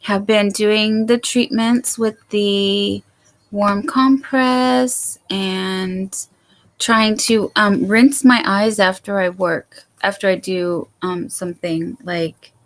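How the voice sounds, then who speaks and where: A woman hosting a casual late-night livestream from home, chatting and rambling as she greets viewers by name. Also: medium pitch. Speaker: livestream host.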